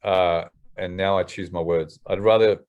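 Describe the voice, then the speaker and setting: Man, Australian accent, low voice, candid, slangy, swears freely, casual interview. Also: steady tone, moderate pace, dull audio. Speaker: interview guest, hip-hop artist.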